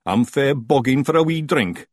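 A man's voice: mid-range voice, expressive, moderate pace, dry recording, studio quality, voice pushed up, close to an everyday voice. A man voicing a band of tiny, brash fairy men with Scottish accents in a storybook. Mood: rowdy.

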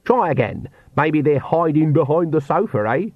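A man voicing a stern old witch, blunt and wry in a brisk commanding way. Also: fairly high pitch, lively intonation, breathy edge, dry recording, phone-quality sound, pitched above the performer's own voice. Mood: dry commanding.

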